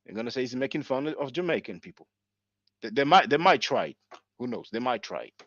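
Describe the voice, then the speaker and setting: A man's voice: mid-range voice, big pitch swings, brisk, fairly bright tone, no room sound, lo-fi sound. A man in his forties from France with a French accent, hosting his channel's live stream and firing off rhetorical questions to his audience. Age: 40s. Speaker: channel host.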